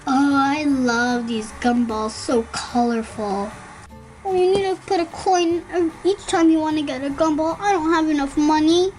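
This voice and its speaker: A woman's voice: high voice, measured pace, a little mellow, faint music behind, low-quality recording. A woman voicing a greedy, impulsive little girl doll in a toy play video, with a sweet, childlike sing-song voice. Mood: dreamy.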